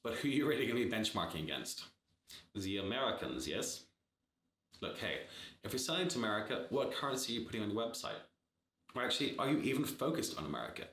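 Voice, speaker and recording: Man, blunt, sarcastic, swears a lot, lowish voice, echoey room. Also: big pitch swings, quick pace, fairly bright tone. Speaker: startup advisor. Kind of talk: casual scripted talk to camera.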